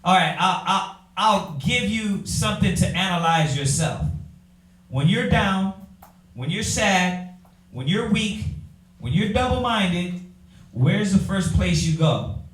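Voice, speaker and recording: A man leads a Bible class in a preaching style, firing rhetorical questions and calling on readers. His voice sits high and rings through a very echoey room. He sounds set well back from the microphone. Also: animated, takes it slowly, a bit bright, distant mic.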